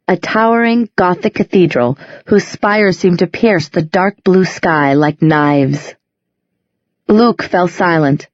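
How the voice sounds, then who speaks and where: A woman narrating an audiobook with a measured, even reading, in a slightly dull, dry studio recording. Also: on the low side, dry recording. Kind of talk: scripted narration.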